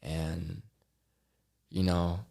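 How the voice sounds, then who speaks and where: A man as a podcast guest, earnestly telling a personal story with halting restarts and sighs. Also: deep voice, little pitch movement, gravelly, dark tone. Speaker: interview guest.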